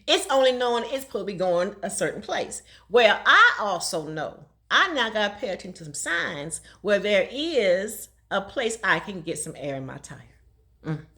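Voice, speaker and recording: A woman telling a personal story in a casual vlog, talking fast and laughing often. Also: medium pitch, sing-song, sharp tone. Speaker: vlogger.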